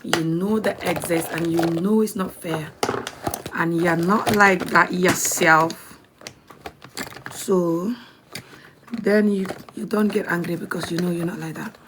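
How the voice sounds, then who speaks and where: A woman's voice: on the low side, fairly even intonation, slow pace, pauses often, noisy background. A young woman with a Gambian accent chatting bluntly on a live video, laughing often and dropping to a whisper at times. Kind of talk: casual live-stream chat.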